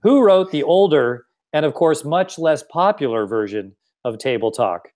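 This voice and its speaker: A man's voice: a little high, lively intonation, moderate pace, a little mellow. A man hosting a quiz game, teasing and laughing often as he reads the questions. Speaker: host running a quiz game.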